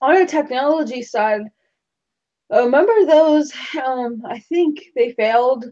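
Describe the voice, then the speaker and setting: A young woman chats frankly and easily with friends, laughing along as she goes. Her voice is fairly high, and the recording is muffled and lo-fi. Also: lively intonation, unhurried, warm tone. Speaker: podcast co-host. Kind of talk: casual chat. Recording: dull lo-fi sound.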